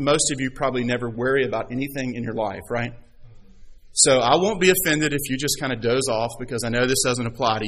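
A man's voice: medium pitch, fairly bright tone, slight background noise, rough recording. A male pastor giving a conversational sermon, reading scripture and acting out quoted voices in a playful way.

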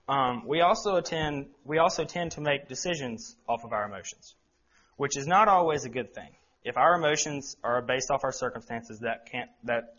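Young guy preaching, bright voice, lots of ums, kinda dull lo-fi sound. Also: mid-range voice. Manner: earnest, with frequent ums and restarts. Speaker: lay preacher. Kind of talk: sermon. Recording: dull lo-fi recording.

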